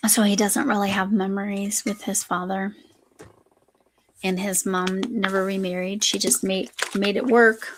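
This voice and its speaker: A woman's voice: medium pitch, level tone, unhurried, a little hiss or hum. A woman from the United States hosting a craft live stream, chatting casually and rambling as she works, often breaking off mid-sentence. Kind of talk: casual chat while crafting.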